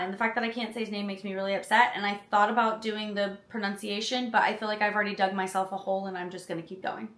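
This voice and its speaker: A woman's voice: mid-range voice, level tone, quick pace, few pauses, a bit bright. A woman hosting a channel, chatting casually and reading film synopses aloud, with self-deprecating, apologetic asides. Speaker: channel host. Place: indoor room, seated on a chair. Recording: roomy echo.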